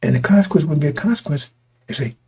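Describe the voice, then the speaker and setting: A man preaching a sermon to his congregation, his voice going hoarse, talking in repetitive, stop-start bursts and often asking listeners whether they understand. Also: a little high, expressive, fast talker, dark tone. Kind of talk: street-style sermon to a congregation.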